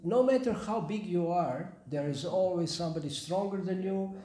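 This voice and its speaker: A man giving a scripture class in a temple, unhurried, pausing to search for words as he tells stories. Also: high-pitched, mellow. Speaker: spiritual teacher. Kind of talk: scripture class talk with storytelling. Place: temple hall. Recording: echoey temple hall.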